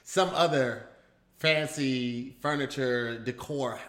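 A man co-hosting a podcast in casual chat, upbeat and quick with shout-outs, filling gaps with "uh" and "like". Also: medium pitch, roomy sound. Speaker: podcast co-host.

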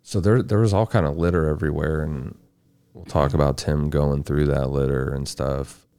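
A man narrates a true crime podcast in a measured, matter-of-fact way. His voice sits extremely low and has a gravelly fry. The sound is dry and close. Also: steady tone, dark tone, no room sound. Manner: reads case details in a measured, matter-of-fact way. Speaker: podcast host.

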